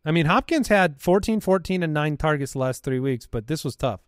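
A man's voice: a little high, expressive, a little fast, smooth, no room sound, studio quality. Upbeat man hosting a sports podcast. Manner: joking, runs the segment reading stat lines. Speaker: podcast host. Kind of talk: casual sports chat.

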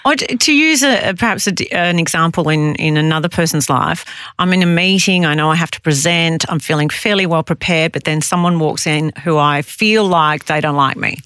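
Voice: mid-range voice, brisk, sharp tone, clear, resonant tone, dry recording. Reflective podcast host in dry sound. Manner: reflective, adds personal examples and amused asides. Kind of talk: casual podcast conversation.

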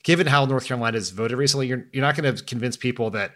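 A man co-hosting a podcast, talking politics in a fast, emphatic and animated way. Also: mid-range voice. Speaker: podcast co-host. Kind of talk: casual political chat.

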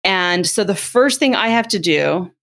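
Her voice is on the low side with some vocal fry, and she takes her time. She's a middle-aged parenting expert who explains conversationally, telling lively stories and acting out the quotes within them.

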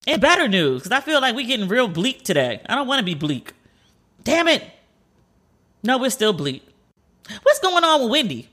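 Female podcast host, bright voice, animated and chatty, casual storytelling. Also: on the high side, fairly quick. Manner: animated storytelling with frequent fillers and acted-out quotes. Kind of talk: casual chat.

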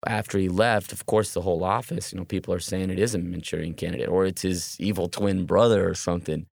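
A man's voice: low-pitched, fairly even intonation, quick pace, vocal fry, a little mellow, no room sound, clean studio sound. A man telling a tense first-person true story, often stumbling and repeating words.

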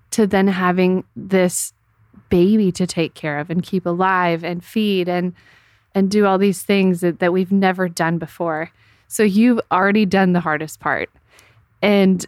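Female co-host, lower voice, dry close mic, emotional and halting delivery. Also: darkish tone, dry recording. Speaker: podcast co-host. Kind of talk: advice podcast.

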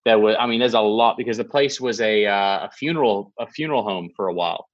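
A man's voice: on the low side, fast talker, highs cut off. A man chatting as a podcast guest, telling stories in a loose, rambling way. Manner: rambling, loose storytelling with many fillers. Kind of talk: casual chat.

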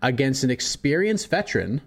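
A man's voice: mid-range voice, sing-song, normal speed. Man casually reading listener fight picks. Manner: reads lists of matchups, chuckles often. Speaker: podcast co-host.

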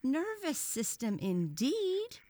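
Woman doing a whiny little boy in a storybook, high and complaining, dry close sound. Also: lively intonation, drawn-out words, fairly bright tone, no echo, exaggerated voice. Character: sulky young boy, thoughtless, complaining.

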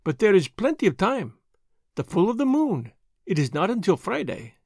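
A man's voice: high-pitched, wildly swooping pitch, normal speed, gravelly, darkish tone, no room sound, studio quality, full character voice. A man voicing a fussy, vain foreign detective with a formal, precise manner. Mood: animated.

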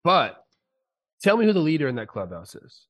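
A man's voice: on the high side, sing-song, moderate pace, a bit bright. A man who used to play pro ball, talking sports on a podcast in a heated, emphatic way while sick. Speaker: podcast co-host, former player. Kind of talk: casual sports talk. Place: podcast studio.

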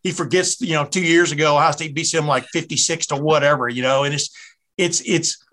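A man's voice: a little high, fairly even intonation, fairly quick, fairly bright tone. A middle-aged man with a Southern US accent hosting a podcast, chatty and rambling, often breaking off mid-thought. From American South. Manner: rambling, chatty, self-interrupting. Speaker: podcast host. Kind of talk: casual podcast interview.

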